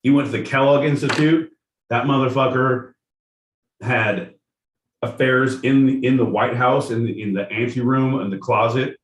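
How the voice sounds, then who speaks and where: A man's voice: mid-range voice, fairly even intonation, normal speed, far from the mic. A man co-hosting a podcast, talking in rowdy, profane riffs and bursts of mock voices. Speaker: podcast co-host. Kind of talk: casual chat. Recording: roomy sound from off-mic.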